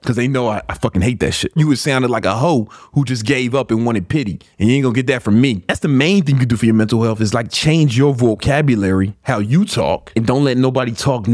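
A man's voice: mid-range voice, fast talker, hardly any pauses, a little mellow, dry recording. A man from Chicago delivers a swaggering, foul-mouthed motivational talk on a podcast, full of street slang and tough love. His voice sits in a middle register and sounds close and dry, with no room around it. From Chicago, USA. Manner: blunt, profane, slangy, swaggering. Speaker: podcast host.

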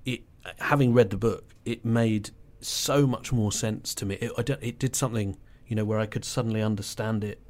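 A man on a podcast panel talking over a novel, halting and restarting often as he thinks aloud. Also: lowish voice, steady tone, darkish tone. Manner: halting, with many restarts and fillers. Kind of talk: casual book club discussion.

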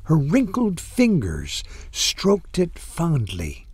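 A man narrating a heartfelt story in a slow, expressive way with dramatic pauses. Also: fairly high pitch, husky, dry recording.

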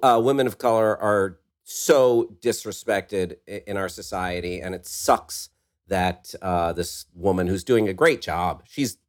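A man's voice: low-pitched, measured pace. A man co-hosting a podcast in casual chat, blunt and swearing, often stumbling over words. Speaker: podcast co-host.

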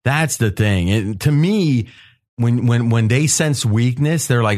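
A man hosting a betting podcast roundtable, telling stories in an animated way and laughing often. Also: mid-range voice, measured pace. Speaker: podcast host. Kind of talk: casual roundtable talk.

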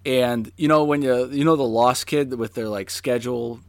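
A man in his forties tells a story in casual, animated chat, full of fillers and the odd swear word. His voice sits at a middle pitch and sounds close and dry, with no room around it. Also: moderate pace, smooth, no echo.

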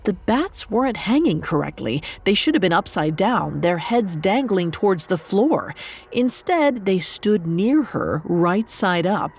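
A woman narrating a dark storybook myth in a measured, dramatic way. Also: mid-range voice, very animated, slightly rough. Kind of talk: scripted narration.

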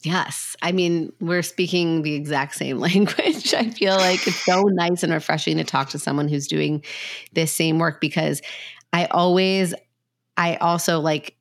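A woman hosting a parenting podcast, talking casually and acting out other people with animated energy. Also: on the low side. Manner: warm-hearted agreeing, animated when acting out others. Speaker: podcast host.

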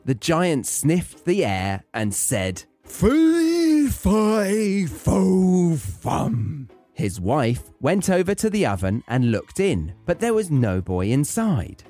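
A man's voice: mid-range voice, big pitch swings, unhurried, few pauses, a little mellow, soft background music. A British man hosting a podcast, reading a children's story aloud with wry, joking asides. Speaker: podcast host. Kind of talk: story reading with comic commentary.

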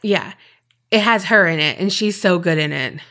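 A woman with a Southern US accent and a lowish, sharp-toned voice co-hosts a podcast at normal speed. Her talk is rambling, casual chat that then turns into a story.

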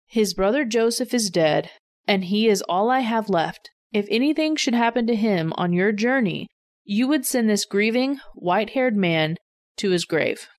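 A woman's voice: medium pitch, animated, normal speed, natural voice. A woman reading the lines of an old grieving father, in a plain read-aloud delivery. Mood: lamenting. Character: old grieving father, fearful of losing sons.

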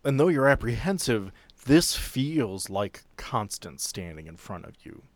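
A man narrating a tabletop role-playing scene as game master, in a measured, descriptive way. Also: medium pitch, big pitch swings, no echo.

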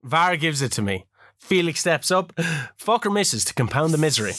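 A man co-hosting a casual chat show, swearing freely and laughing often as he tells animated stories. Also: on the high side, normal speed, no room sound, studio quality. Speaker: podcast co-host.

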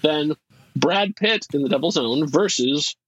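A man co-hosting a podcast in casual chat, joking around and quick to laugh. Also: fairly high pitch, animated, husky, dull audio. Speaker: podcast co-host.

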